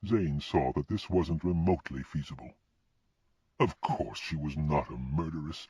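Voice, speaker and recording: A man narrating a fantasy audiobook in an expressive reading style. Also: very deep voice, moderate pace, husky, dry recording. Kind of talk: scripted narration. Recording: dull lo-fi recording.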